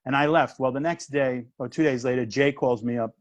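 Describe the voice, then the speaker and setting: A man in his fifties, a comedian turned minister, telling a story in a casual chat with quick restarts and acted-out dialogue. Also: mid-range voice, fairly even intonation, dry recording, dull audio.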